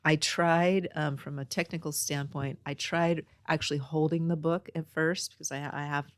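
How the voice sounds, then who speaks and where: Woman podcast host from Northern California, low voice, dry close mic, casual meandering storyteller. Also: fairly even intonation, normal speed, dry recording. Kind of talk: casual chat. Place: home next to a small post office. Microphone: own podcast mic.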